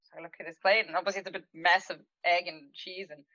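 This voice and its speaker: A woman who owns a restaurant, telling an anecdote in a chatty, animated way, laughing now and then and using lots of fillers. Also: lowish voice, quick pace, no echo. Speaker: restaurant owner. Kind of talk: anecdotal storytelling in conversation. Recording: dull lo-fi, dry sound.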